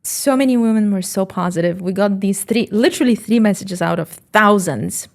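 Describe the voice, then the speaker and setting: Woman, podcast guest, animated storyteller, blunt, swears casually. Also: medium pitch, moderate pace, creaky.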